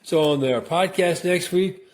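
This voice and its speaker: A man's voice: high-pitched, measured pace. A middle-aged American man co-hosting a radio podcast, bantering bluntly and repeating words as he jokes. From United States. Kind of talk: casual banter.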